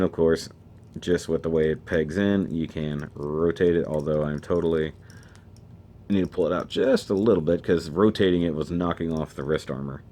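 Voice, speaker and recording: A man's voice: deep voice, darkish tone. A man giving a casual model kit review, chatty and thinking aloud as he handles the pieces.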